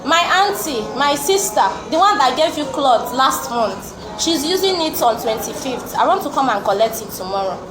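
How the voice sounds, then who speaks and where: A woman's voice: sits high, big pitch swings, moderate pace, hardly any pauses, loud music behind the voice. A woman with a Nigerian accent playing a polite customer asking about clothes in a comedy phone skit. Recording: echoey room with noise.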